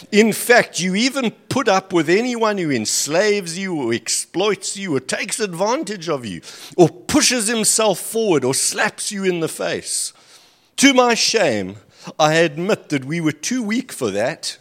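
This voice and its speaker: Animated male preacher with wry asides. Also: high voice, measured pace. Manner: animated, with dry asides and sarcasm. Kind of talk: sermon with scripture reading. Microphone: handheld or stand mic at a lectern.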